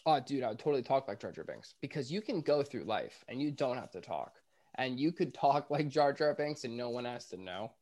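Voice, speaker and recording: A man's voice: medium pitch, lively intonation, fairly quick, darkish tone. A man who is a guest on a podcast, chatting casually, joking around and swearing freely. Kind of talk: casual chat.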